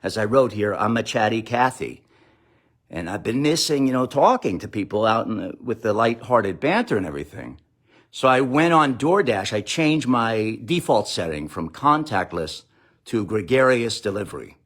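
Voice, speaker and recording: This middle-aged man speaks at normal speed in a lowish, slightly bright, sing-song voice. A comedian live streaming to followers on a phone or webcam, he rambles through a sarcastic comic monologue, reading viewer comments aloud and mocking quotes.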